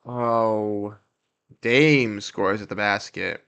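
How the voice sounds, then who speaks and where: A young man hosting a casual livestream watch-along, reacting to plays and talking with his chat in quick, excitable bursts. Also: fairly low pitch, vocal fry, smooth. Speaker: livestream host. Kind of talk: casual live game commentary.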